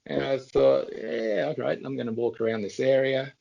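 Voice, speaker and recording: A middle-aged Australian man appears as a podcast guest, telling loose anecdotes in casual storytelling. He rambles, restarts sentences and circles back in an easy, conversational way. His medium-pitched voice is gravelly with vocal fry, very animated at a normal speed, and the sound is lo-fi.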